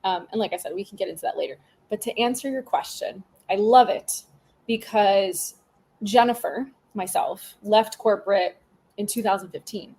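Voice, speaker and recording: A woman in her thirties speaks as a podcast guest in a relaxed, chatty way, full of fillers and quick asides. Her voice has a slightly husky grain and sits at an ordinary middle pitch for a woman. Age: 30s. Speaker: podcast guest, business mentor. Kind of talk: casual interview conversation.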